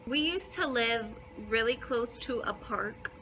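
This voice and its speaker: A young woman with a bright, slightly high voice tells a story in a loose, casual storytime. She talks bluntly, swears constantly and leans on fillers, over a faint hiss of background noise. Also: animated, measured pace, poor audio. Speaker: vlogger.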